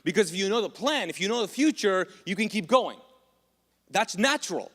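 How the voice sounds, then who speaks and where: Pastor, male, slightly high voice, loose and animated delivery, long hall reverb. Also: a little fast. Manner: casual, joking, animated preaching. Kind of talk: sermon. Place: church auditorium.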